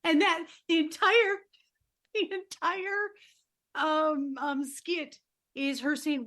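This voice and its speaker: A woman hosting a podcast and coaching, telling stories with lively acted-out quotes and closing with an upbeat sign-off. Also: high-pitched, slow pace. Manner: animated storyteller, acts out quoted voices. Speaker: podcast host and life coach. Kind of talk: casual interview chat.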